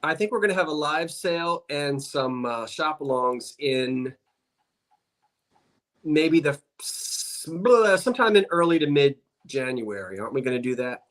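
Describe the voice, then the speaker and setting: On a video call livestream, a guest from South Jersey, USA, rambles through casual chat in a Delaware Valley accent. He sounds a little high and a bit bright, animated but a little slow.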